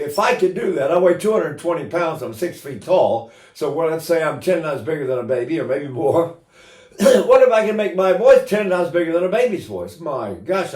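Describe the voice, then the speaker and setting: A man's voice: on the high side, darkish tone. A man in his eighties giving an informal singing lesson as a voice teacher, talking in a chatty way with joking asides. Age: 80s. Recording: roomy echo.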